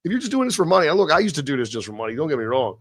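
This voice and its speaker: A man's voice: a little high, very animated, fairly bright tone, dry recording, studio quality. A man hosting a live stream, chatting casually and ranting in a profane, rambling way, then reading scripted narration. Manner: reads scripted narration slowly. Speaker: live-stream show host.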